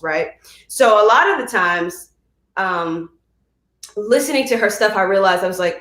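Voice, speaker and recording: A young woman from Chicago, a musical theatre actress, chatting in an interview, animated and laughing as she demos vocal exercises. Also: on the low side, normal speed, reverberant. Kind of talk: casual video interview.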